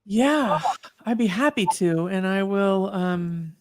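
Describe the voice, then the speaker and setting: A woman's voice: mid-range voice, animated, takes it slowly, slight background noise. Woman in her 50s telling her story, earnest and reflective, lots of ums and restarts. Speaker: guest. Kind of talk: personal story in an online talk.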